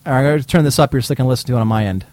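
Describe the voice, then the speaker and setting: A man hosting a talk show, telling a long story in a casual, rambling, animated way and laughing as he goes. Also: mid-range voice, racing. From Cleveland, Ohio. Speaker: show host.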